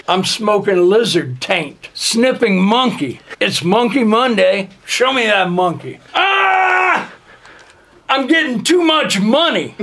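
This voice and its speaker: A man delivering a spoken-word comedy rap parody, boasting absurdly in a slow deadpan way. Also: sits high.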